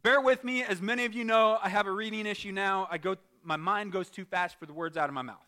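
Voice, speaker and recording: Animated pastor with a bright, high voice. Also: male voice, fast. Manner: animated, jokey, shifts from quiet asides to loud shouts. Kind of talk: lively church sermon.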